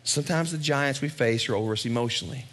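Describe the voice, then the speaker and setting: A man's voice: medium pitch, fast, a bit bright. A male pastor preaching a sermon in a conversational way, with asides and repeated lines for emphasis.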